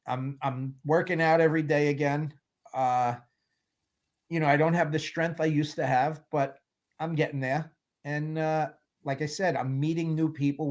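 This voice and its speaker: A man in his sixties chats as an interview guest, mid-pitched and unhurried. He rambles candidly from one story to the next and slips wry humor into them. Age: 60s. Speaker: guest film producer. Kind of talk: casual interview chat.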